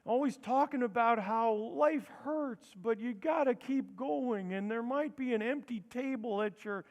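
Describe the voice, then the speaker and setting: A man doing an impression of an older male president as a gentle, old-timey grandpa, slow and consoling, recorded with a long hall reverb. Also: very high-pitched.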